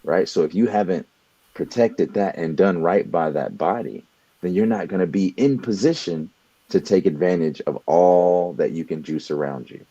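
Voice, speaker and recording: Deep earnest man, dull dry sound. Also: moderate pace, dark tone, dry recording. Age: young adult. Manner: earnest, repeats words while building a point. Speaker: podcast co-host. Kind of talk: motivational talk.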